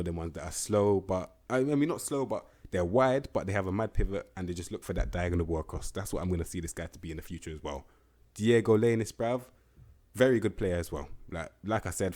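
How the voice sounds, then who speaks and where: A young man talks through a football game in a loose, slangy way, swearing as he goes. His voice sits very low and deep. He sounds animated and casual. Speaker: gaming YouTuber.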